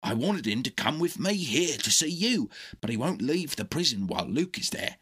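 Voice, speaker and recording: A man voicing a loyal male dog in a storybook reading, husky, urgent and pleading. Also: fairly high pitch, very animated, normal speed, fairly bright tone, voice pushed up, heavily acted. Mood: earnest.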